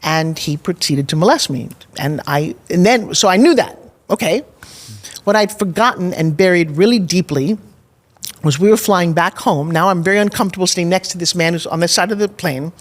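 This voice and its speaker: On the low side and fairly quick, this middle-aged woman's voice carries a candid, emphatic personal story. She's a podcast guest at a Nashville studio, acting out thoughts she once had.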